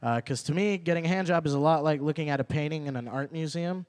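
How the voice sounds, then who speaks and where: Young man doing stand-up, slightly high voice. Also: fast, clean tone. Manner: loose storytelling with repeated lines and acted quotes. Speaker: stand-up comedian. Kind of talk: stand-up comedy set. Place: small club open mic.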